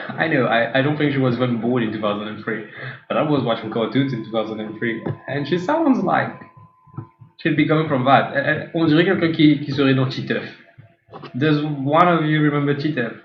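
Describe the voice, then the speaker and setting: A man's voice: mid-range voice, reverberant, lo-fi sound. A man hosting a casual reaction video, sarcastic and swearing freely as he mocks clips. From Mauritius. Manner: sarcastic, swears freely, switches between English and French. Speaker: host reviewing TikTok clips.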